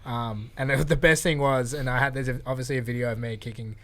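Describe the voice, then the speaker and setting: Aussie bloke on a podcast, mid pitch, telling a big story and laughing as he goes. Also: quick pace. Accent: Australian. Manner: animated storyteller, laughs often. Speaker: podcast guest. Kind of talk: casual chat.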